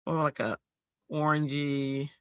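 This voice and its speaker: A woman hosting a crafting stream, chatting casually and telling stories in an animated way while she works. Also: sits low, slow, clear, resonant tone, dry recording, lo-fi sound. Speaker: crafting channel host.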